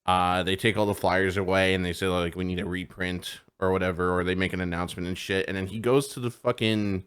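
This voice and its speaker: Low-voiced man telling a rambling, swearing story. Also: fairly even intonation, brisk, a bit bright, clear, resonant tone. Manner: rambling storyteller, swears freely, laughs at his own story. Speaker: podcast co-host. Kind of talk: casual chat. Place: home streaming setup.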